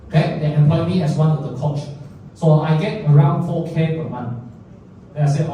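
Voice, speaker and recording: Man, Malaysian English accent, animated storytelling, slightly high voice, mellow tone, echoey hall, distant mic. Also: moderate pace, a little hiss or hum. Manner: animated, chatty, candid. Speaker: speaker at a public talk. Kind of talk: personal storytelling talk.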